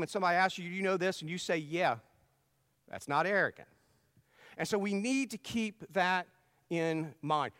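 High-voiced man preaching, long hall echo. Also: fairly bright tone, studio quality. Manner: conversational, folksy storytelling with repeated restarts. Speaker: pastor. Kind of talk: sermon.

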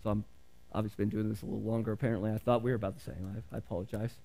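A man's voice: lowish voice, flat delivery, rapid-fire, vocal fry, warm tone. A middle-aged male pastor preaching a sermon in an earnest, conversational way, asking the congregation questions.

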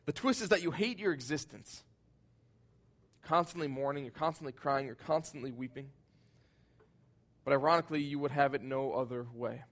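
A man preaching a sermon, earnest and emphatic, his voice swelling loud at high points and sinking soft and low at others. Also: moderate pace, pauses often. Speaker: pastor.

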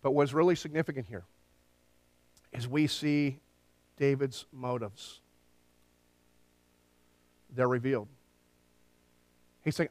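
A man delivers a sermon with a slightly higher pitch than most men, and his voice is captured dry and close with little room sound. He tells the story with animated energy and briefly acts out the quoted lines. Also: a little fast, long pauses, no echo. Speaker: pastor.

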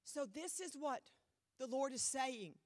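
A woman pastor preaching a sermon in a church, emphatic with dramatic pauses, her voice a little strained. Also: high voice, animated, dry recording, studio quality. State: voice trouble, slightly strained.

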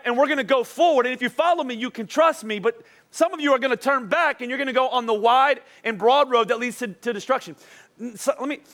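This pastor, a young adult man in a church auditorium, delivers his sermon in a high, fairly bright voice. He is casual and energetic, frequently restarting, repeating words and checking with the audience with "right?"

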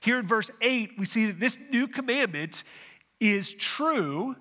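A man's voice: very high voice, animated, unhurried, pushed and bright, in a large hall. A man preaching a sermon, working through a passage verse by verse, often restarting phrases and asking the congregation questions. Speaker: pastor.

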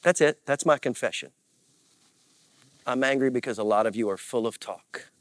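A man's voice: medium pitch, normal speed, no echo. A man preaching as a pastor, earnest and confessional, with repeated phrases and rising bursts of emphasis. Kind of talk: sermon.

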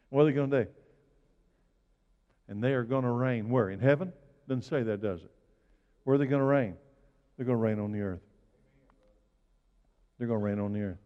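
A man preaching a sermon, swinging from loud exclamations to hushed, slow lines. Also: mid-range voice, clean tone. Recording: dull sound with long hall reverb.

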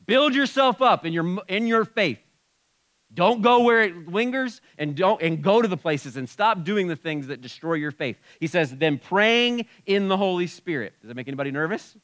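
A man's voice: sits high, lively intonation, moderate pace, hardly any pauses, no echo. A pastor preaching a conversational sermon in a church, often dropping and raising his voice. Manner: conversational preaching with shifts in loudness. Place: church sanctuary.

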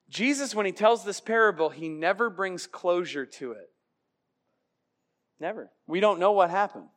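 A man preaching a lively, jokey youth sermon, calling out to his listeners for amens. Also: high voice, moderate pace. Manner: animated, jokey, calls for amens. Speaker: youth pastor.

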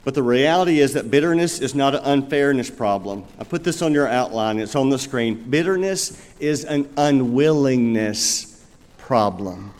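A man's voice: mid-range voice, brisk, hardly any pauses, darkish tone. A man preaching a sermon as pastor in a church, earnest and asking his listeners rhetorical questions. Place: church sanctuary. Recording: long reverb of a large hall.

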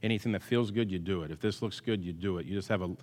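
A male pastor delivering a sermon, swinging between loud emphatic bursts and quiet asides, with self-deprecating humor. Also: low-pitched, fast talker. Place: church hall with long reverb. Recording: hall reverb.

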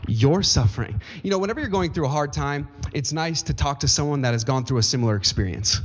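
A pastor in his thirties preaches a sermon in a church sanctuary, his voice on the high side and fast, with emphatic rises and folksy asides to the congregation. A long hall reverb colors the recording.

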